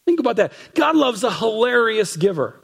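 A pastor preaches a sermon emphatically, repeating phrases and acting out the voices of people he quotes. His voice sits high and sing-song with a breathy edge, at a moderate pace.

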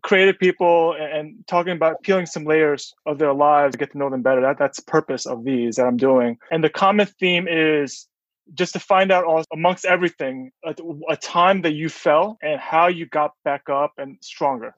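A man hosting a podcast with a fairly high voice, putting his questions in a loose, rambling way. The sound is dry, close and a little dull, on lo-fi audio. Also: fairly even intonation, normal speed, no echo. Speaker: podcast host. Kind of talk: casual interview chat.

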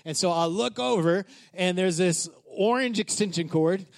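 A man preaching in a church, telling a story in a chatty, animated way, with many filler words. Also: high-pitched, moderate pace, vocal fry. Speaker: pastor. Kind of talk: sermon told as a casual story.

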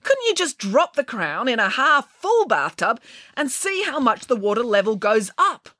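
A woman's voice: on the high side, big pitch swings, moderate pace, pushed and bright, dry recording, clean studio sound, pitched above the performer's own voice, heavily acted. A woman voicing a blunt, grumbling female housekeeper in a storybook reading, with a tart, scolding delivery.

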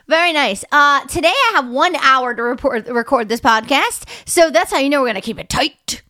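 A young woman co-hosts a podcast in an easy, chatty way, her voice fairly high and often breaking into laughter. The sound is close and dry, with no room around it. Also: expressive, moderate pace, pushed and bright, dry recording. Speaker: podcast co-host. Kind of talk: casual chat.

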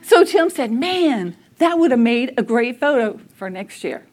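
A middle-aged woman, telling a family story to a church audience, animated and often laughing as she acts out what people said. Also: on the high side, a little slow, some chatter behind.

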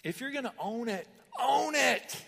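A male pastor preaching with a high, bright-edged voice. He drives points home with sudden emphatic rises and deliberate pauses. The sound carries a long reverb, like a church sanctuary. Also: expressive, creaky, husky. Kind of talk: sermon.

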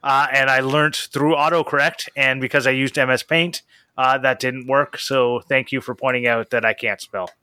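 Bright-voiced young man, joking banter. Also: mid-range voice, flat delivery, no room sound. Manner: quick, joking, laughs easily. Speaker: podcast co-host. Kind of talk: casual chat reading listener questions.

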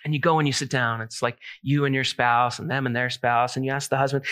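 Bright-voiced, chatty male preacher. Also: medium pitch, flat delivery, fast talker. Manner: casual, conversational preaching with self-deprecating humor. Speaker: pastor. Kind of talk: sermon.

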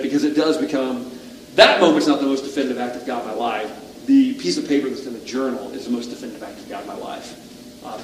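A man preaching, telling a personal story in a lively, self-mocking way, swinging between loud and hushed. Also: medium pitch, noisy background. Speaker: pastor. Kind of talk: sermon storytelling. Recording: echoey room, mic at a distance.

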